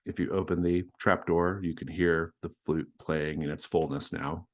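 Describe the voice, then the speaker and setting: Male game master with an extremely low voice, measured scene narration. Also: fairly even intonation. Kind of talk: narrating a tabletop horror game.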